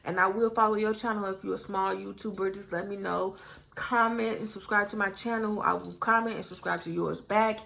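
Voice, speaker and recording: A young American woman vlogging in a casual Q&A. Her voice has a gravelly, creaky edge. She talks bluntly and candidly, swearing freely as she goes. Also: medium pitch, fairly even intonation, a little fast, a bit bright. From United States. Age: young adult. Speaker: YouTuber. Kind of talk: casual get-to-know-me Q&A.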